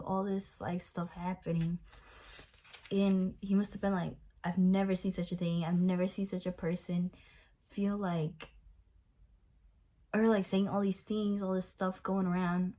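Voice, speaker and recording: Slow-talking young woman teaching Bible study. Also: mid-range voice, warm tone. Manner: unhurried, many fillers and restarts. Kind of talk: casual Bible study talk.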